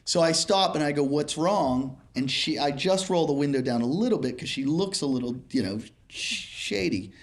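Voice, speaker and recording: A man's voice: fairly high pitch, animated, brisk, hardly any pauses. A man from Pittsburgh, a comedian and podcast host, telling a rambling story in casual chat and laughing along with it. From Pittsburgh, USA.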